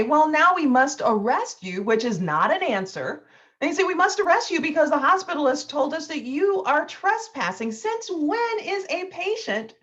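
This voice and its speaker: Emphatic woman lecturer, lively pitch. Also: highs cut off. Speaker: law professor giving a lecture. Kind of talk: impassioned lecture storytelling.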